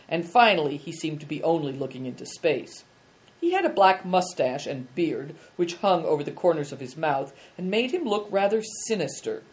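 A woman narrating a chapter book aloud in a steady, measured storytelling manner. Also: low voice. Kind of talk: audiobook reading.

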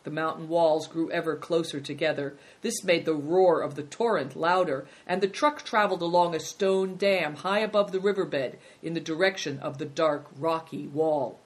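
A narrator reading a children's adventure story in an even, measured way. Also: medium pitch.

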